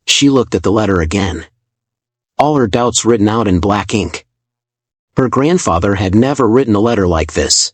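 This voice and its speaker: Low-voiced man narrating a story. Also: lively intonation, normal speed, husky, no room sound.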